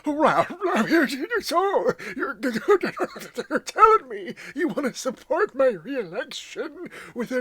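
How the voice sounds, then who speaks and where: A man putting on a flustered mayor who stutters over every word. He giggles through it, with his voice pushed up higher than usual and swinging widely. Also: bright, forceful tone, no room sound, heavily acted. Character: stammering, fawning male mayor impression.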